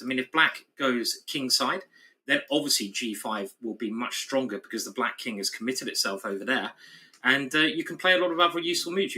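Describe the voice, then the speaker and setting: A man's voice: mid-range voice, pushed and bright. A man commentating live on a chess game, chatty and explanatory with his co-host. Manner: chatty, explanatory, laughs easily.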